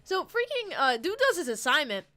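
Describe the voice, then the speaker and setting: A woman's voice: high voice, big pitch swings, normal speed, pushed and bright. A woman telling a rambling story in casual, slangy chat while streaming a game, laughing as she goes. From United States.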